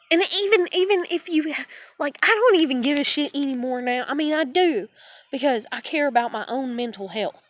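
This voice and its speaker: A woman's voice: sits high, expressive, moderate pace. A woman in her thirties venting to her viewers in a frustrated, stressed vlog, swearing often and sighing wearily. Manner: swearing, exasperated, trailing off into weary sighs. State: upset and stressed. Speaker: vlogger. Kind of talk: frustrated personal vent to camera.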